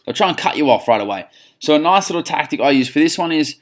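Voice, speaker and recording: An Australian man gives gym staff an upbeat lesson on phone sales, acting out both sides of the calls. He talks fast at a medium pitch.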